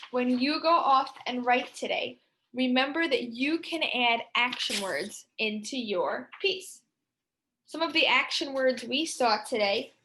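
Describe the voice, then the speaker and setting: A young woman teaching a writing lesson to children, reading her story aloud in an expressive, sing-song way. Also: sits high.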